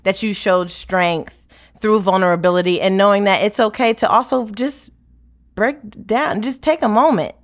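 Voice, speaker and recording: A woman's voice: mid-range voice, moderate pace. A woman hosting a casual chat, affirming her guest and reflecting thoughtfully.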